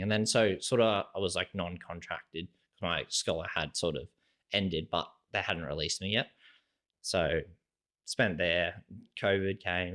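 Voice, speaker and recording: A young Australian man with a very low, deep voice, talking casually as an interview guest. He rambles through his story and leans heavily on "like" and "sort of" as he goes. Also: fairly bright tone. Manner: rambling, heavy use of "like" and "sort of" fillers.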